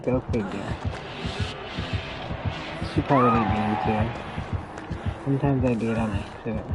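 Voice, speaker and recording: A man's voice: fairly low pitch, moderate pace, over loud music, rough recording. A man chatting casually as he streams a video game, rambling and laughing often. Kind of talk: casual gameplay commentary.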